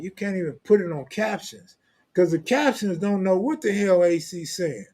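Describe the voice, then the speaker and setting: Reading out comments from viewers, this live-stream host from Los Angeles, California talks in a joking, profane, blunt street style. He has a high-sitting voice with a darkish tone.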